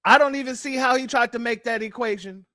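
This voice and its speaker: Blunt high-voiced male commentator. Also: fairly quick, sharp tone, dry recording, studio quality. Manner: blunt, sardonic, addresses viewers as family. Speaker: commentary host. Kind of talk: reaction commentary on a clip.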